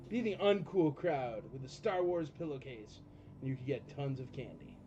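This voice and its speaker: A man's voice: on the high side, animated, takes it slowly. A man hosting a live auction stream, rambling and joking with viewers between lots. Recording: dull lo-fi stream audio with loud music behind. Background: music.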